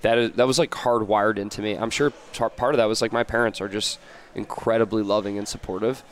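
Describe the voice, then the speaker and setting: An American man talking casually as a podcast guest, rambling and animated, with many restarts and fillers. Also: fairly low pitch, brisk. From United States. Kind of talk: casual interview chat.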